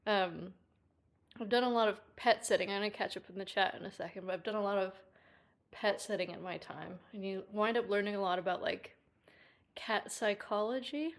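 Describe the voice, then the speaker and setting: A woman's voice: moderate pace, creaky. A young woman streaming live from a house with a headphone mic, chatting playfully with her viewers. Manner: chatty and playful, breaks into high baby talk with a cat. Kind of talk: casual live-stream chat. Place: indoors at a house, talking to a live chat.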